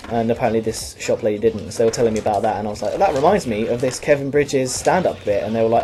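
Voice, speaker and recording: A man's voice: medium pitch, fast, warm tone, slight background noise. A young man giving rambling, profane, self-mocking commentary while playing a video game. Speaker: let's play commentator.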